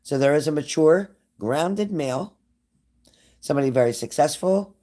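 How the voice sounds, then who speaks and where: Fairly high-pitched and warm, his voice has lively intonation at a normal speed. He's a psychic tarot reader giving a relaxed live-streamed reading from home near a glass sliding door, speaking right to a viewer and wandering into chatty asides.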